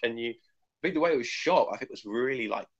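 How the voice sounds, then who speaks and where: A young man co-hosting a fan livestream, thinking aloud in halting phrases and often starting over. His voice is at an ordinary pitch. The sound is dull and lo-fi. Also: expressive, a crowd in the background. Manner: hesitant, halting, many restarts. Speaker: co-host. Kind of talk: casual fan chat.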